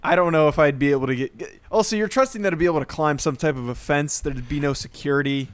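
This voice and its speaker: Man, co-host, casual chat, skeptical, questioning, fairly high voice. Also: quick pace, clear, resonant tone.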